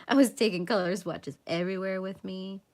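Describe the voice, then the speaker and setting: A woman's voice: medium pitch, a little slow, darkish tone. A young adult woman hosting a casual coloring livestream, chatting in a rambling, self-mocking way with lots of repeats. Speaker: livestream host.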